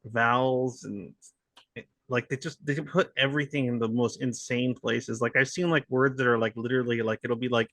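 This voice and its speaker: A man's voice: medium pitch, fairly even intonation, normal speed, a bit bright, no echo. A man co-hosting a casual podcast, rambling with lots of fillers, swearing and laughter. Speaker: podcast co-host.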